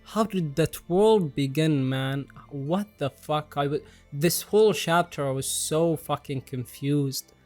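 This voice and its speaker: A young man reviewing a manga chapter in casual commentary, excitable and jokey, swearing freely and poking fun at himself. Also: fairly high pitch. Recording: faint music underneath.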